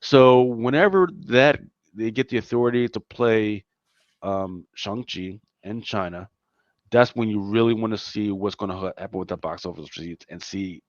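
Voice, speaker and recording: A podcast co-host from Philadelphia, USA, speaks in a lowish voice on a dull, dry recording with no echo. In casual chat he's emphatic, repeats words, and scatters "man" and "right?" throughout.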